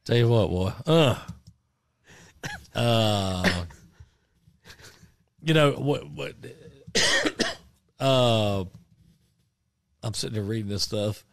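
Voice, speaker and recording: A man co-hosting a radio show, chatting casually about sports and rambling through many halting restarts. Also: on the low side, dry recording, studio quality.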